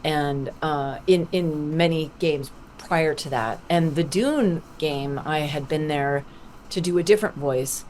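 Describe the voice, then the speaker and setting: A middle-aged woman, a voice actor, being interviewed on a podcast over a video call, telling animated stories full of acted-out quotes. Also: deep voice, unhurried, a little hiss or hum. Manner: lively anecdotal storytelling with acted-out quotes. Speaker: voice actor guest.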